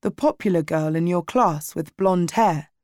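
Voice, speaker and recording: A kind, patient male school librarian from a storybook, as a woman reader puts him on. He speaks softly and slowly, a touch lower than the narration. The sound is close and dry. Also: dry recording, close to an everyday voice. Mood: gentle.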